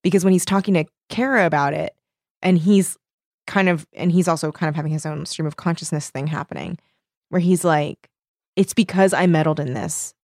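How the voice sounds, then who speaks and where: A woman co-hosting a casual book discussion, relaxed, with many fillers, acting out characters' lines. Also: sits low, brisk, no echo, studio quality. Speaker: book podcast co-host. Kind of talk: casual chat.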